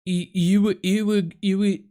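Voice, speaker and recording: A man's voice: high-pitched, little pitch movement, moderate pace, warm tone. Goofy man flubbing a mock newscast. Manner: stumbles over words and repeats them in silly voices; joking asides to himself. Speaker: host of a comedy call-in news show. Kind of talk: goofy read-out news blooper reel.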